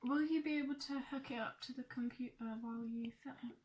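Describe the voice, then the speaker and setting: A woman's voice: sits high, steady tone, a little fast, a crowd in the background. A woman chatting casually off camera with brief, supportive replies. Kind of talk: casual chat.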